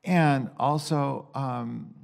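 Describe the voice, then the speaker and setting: A man at a middle pitch, talking casually and candidly about his prayers. He wanders and restarts often. He swings between exasperated, louder bursts and low, quiet musing. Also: very slow, gravelly. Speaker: Christian speaker sharing a personal reflection. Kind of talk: casual spoken reflection.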